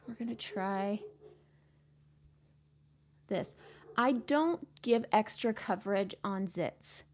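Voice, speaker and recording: A woman's voice: a little high, a little mellow. A middle-aged woman hosting a casual live makeup tutorial, chatting and explaining each step as she goes. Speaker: makeup livestream host.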